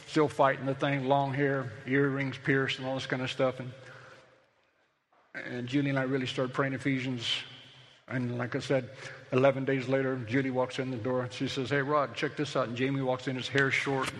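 A man's voice: mid-range voice, a bit bright, in a large hall. A middle-aged man, a pastor, preaching a sermon in a conversational, storytelling way that builds to emphatic points.

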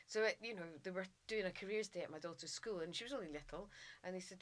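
A middle-aged woman, a guest in casual chat, telling lively anecdotes and laughing often. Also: fairly low pitch, fast.

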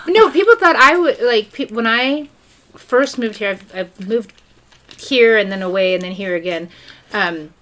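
A woman's voice: on the high side, moderate pace, fairly bright tone. A young woman co-hosting a podcast in casual chat, joking and teasing and swearing casually. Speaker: podcast co-host. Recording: faint background noise.

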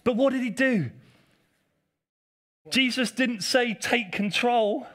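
A male pastor preaches a live sermon in church in a very high, slightly bright voice at a slow pace. He speaks straight to the congregation, repeating key phrases for emphasis, calling for responses, and teasing people in the pews.

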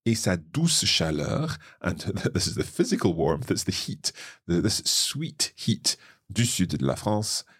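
Deep husky Scottish man teaching. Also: very animated, fairly bright tone, no room sound, clean studio sound. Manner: patient, measured explanations. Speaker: French teacher and podcast host. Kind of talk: explaining a text line by line.

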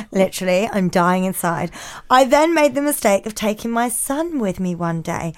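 A woman co-hosting a casual podcast, telling stories in a giggly, animated way. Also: medium pitch, normal speed. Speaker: podcast co-host. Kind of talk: casual chat, reading a listener letter.

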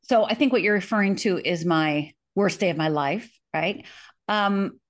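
A middle-aged author from Upper Michigan, USA, is interviewed as a guest and tells personal stories of her past earnestly and vividly, acting out the quotes. She has a medium-pitched voice and speaks at a moderate pace.

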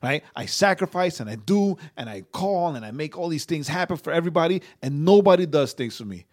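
A man's voice: fairly high pitch, lively intonation, brisk, darkish tone. A young man co-hosting a casual faith podcast, rambling, stammering into restarts and tagging his sentences with "right?". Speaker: podcast co-host.

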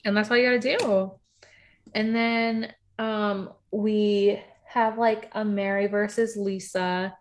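A woman co-hosting a casual recap chat, talking fast and loosely with many fillers and acted-out quotes. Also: mid-range voice. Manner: chatty, filler-heavy, animated quoting. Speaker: podcast co-host.

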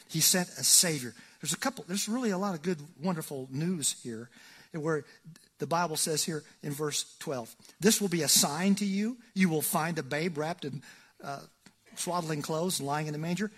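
A man preaching a sermon as pastor, folksy and joking, swinging between loud emphasis and hushed asides. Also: a little high, husky.

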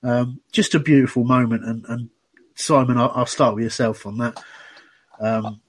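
A man's voice: medium pitch, steady tone, normal speed. A man hosting a casual fan podcast, chatty and full of restarts. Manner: chatty, many restarts and "you know"s. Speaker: podcast host.

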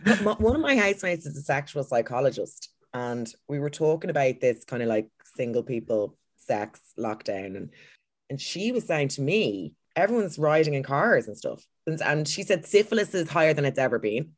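A woman's voice: deep voice, very animated. A woman from Ireland with a Dublin accent, a comedian guest bantering and teasing on a podcast video call. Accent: Dublin Irish. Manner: teasing, quick-witted banter. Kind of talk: casual podcast chat.

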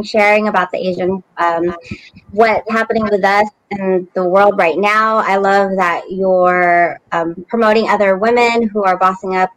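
A woman's voice: medium pitch, dry recording, rough recording. Woman host on a podcast, keeps cheering her guest on, super dry close sound. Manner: warmly affirming, full of praise for the guest. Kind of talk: casual interview conversation.

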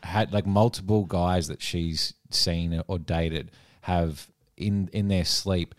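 A man co-hosting a podcast in casual chat, expressive and incredulous. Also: low voice, slow pace, no echo, studio quality. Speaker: podcast co-host.

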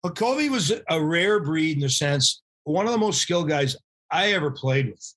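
A middle-aged man with a slightly high voice tells hockey stories as a podcast guest. He talks in a relaxed, casual way, clearing his throat now and then and slipping into quoted voices for the punchlines. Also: normal speed. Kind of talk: casual storytelling interview.

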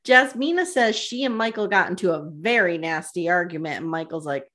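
A woman co-hosting a casual recap podcast, animated and gossipy, retelling scenes with quoted asides and laughter. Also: fairly low pitch, a little fast. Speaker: podcast co-host.

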